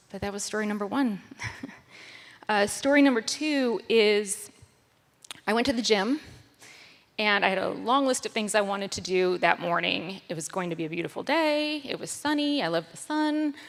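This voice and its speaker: A woman's voice: mid-range voice, a bit bright. Earnest woman giving a church testimony. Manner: earnest, halting storytelling with many fillers. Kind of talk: personal testimony. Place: church sanctuary. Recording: long reverb of a church hall.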